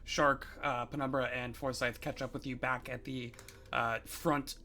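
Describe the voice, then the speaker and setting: A man narrating a tabletop game as game master, halting with many fillers. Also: mid-range voice, level tone, sharp tone, slight background noise.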